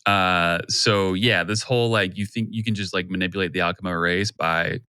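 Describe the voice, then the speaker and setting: A man's voice: low-pitched, steady tone, brisk, pushed and bright, clean tone, dry recording, clean studio sound. A man from the US co-hosting a podcast in casual chat, sharing nerdy facts eagerly with lots of fillers. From United States. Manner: nerdy, enthusiastic fact-sharing with many fillers. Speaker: podcast co-host.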